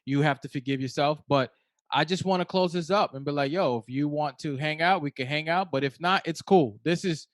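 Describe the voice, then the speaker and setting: A man's voice: a little high, a little fast, no echo, clean studio sound. Reflective man hosting a podcast. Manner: relaxed, reflective, many short affirmations. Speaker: podcast host. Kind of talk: casual interview chat.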